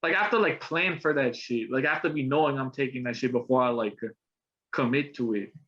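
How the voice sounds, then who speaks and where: A young man of Colombian roots hosts a podcast, rambling casually with plenty of slang and filler words. His mid-range voice is fast and a bit bright. The audio comes through a video call and sounds muffled.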